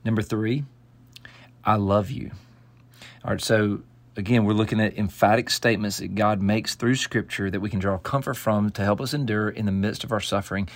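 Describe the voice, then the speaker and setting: A man's voice: on the low side, fairly even intonation, a little fast. A man giving devotional Bible teaching, earnest and emphatic, quoting scripture and often restarting phrases. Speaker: pastor.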